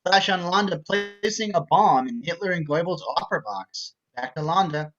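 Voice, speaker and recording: A man narrating screenplay stage directions in a steady, matter-of-fact way. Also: a little high, moderate pace, lo-fi sound, over music.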